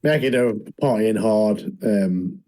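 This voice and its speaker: A man's voice: lowish voice, slow pace, dark tone, rough recording. A young man co-hosting a podcast, rambling through a plot recap with fillers and ending his lines with "mate.". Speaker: podcast co-host. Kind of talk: casual chat recapping a show.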